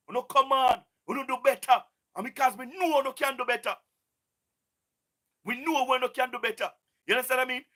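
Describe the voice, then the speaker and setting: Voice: high-pitched, pushed and bright. A speaker with a Jamaican accent and patois, giving an impassioned, preachy live-stream address that keeps circling back with repeated questions to the audience. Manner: repetitive, keeps asking "you understand what I mean"; exhorting, preachy.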